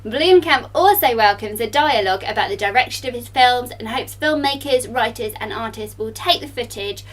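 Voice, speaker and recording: A woman co-hosting a casual online show, reading in a measured, upbeat way. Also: a little high. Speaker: co-host. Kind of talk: reading a script, casual chat.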